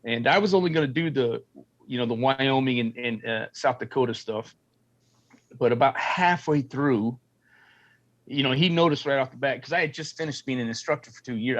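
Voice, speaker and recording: A man's voice: medium pitch, brisk, muffled recording. Profane storytelling ex-Marine man. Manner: profane, animated storyteller acting out quotes. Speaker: guest, former Marine and film military advisor. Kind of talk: casual storytelling interview.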